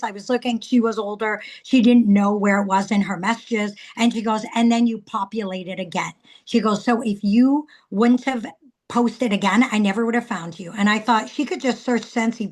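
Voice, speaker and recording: A chatty woman in her thirties coaching fellow sellers in an animated, storytelling way. Her voice sits a little high and she slips into acted-out quotes as she goes. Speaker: direct sales trainer. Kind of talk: casual training talk.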